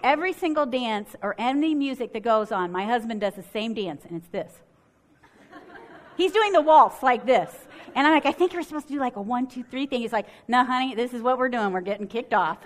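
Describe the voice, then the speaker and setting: A middle-aged woman from Michigan preaching a sermon, telling a story in an animated way and acting out what people said. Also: fairly high pitch, a little fast. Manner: animated, acts out quotes with swings in loudness.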